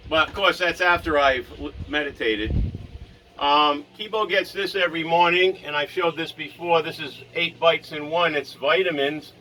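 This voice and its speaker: A man's voice: a little high, moderate pace, distant mic, music in the background. A man from Rhode Island vlogging at home in a rambling, casual chat, often talking to his dog.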